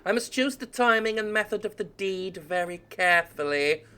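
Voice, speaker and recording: A man's voice: high-pitched, animated, moderate pace, pushed and bright, clear, resonant tone, pitched above the performer's own voice. A man reading as a smug scheming heir. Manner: dry reading with a slight sinister air.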